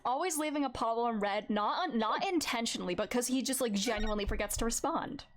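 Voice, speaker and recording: A woman's voice: on the high side, fairly quick, a little hiss or hum. A woman streamer rambling and joking through casual gameplay commentary, laughing often, her voice sounding tired and strained. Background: game music.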